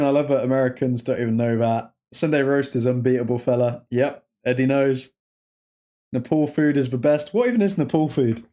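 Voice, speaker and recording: On a live football watchalong, a young English host speaks in a medium, slightly mellow voice. He keeps things casual, cracking jokes, laughing often, and reading chat messages aloud.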